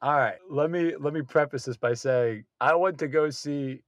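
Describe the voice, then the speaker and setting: A man's voice: a little high, moderate pace, no room sound. A man in a casual chat, telling long rambling anecdotes that keep restarting, and punching up the quoted lines. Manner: rambling, self-interrupting anecdotes with loud acted quotes. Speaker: guest comedy writer.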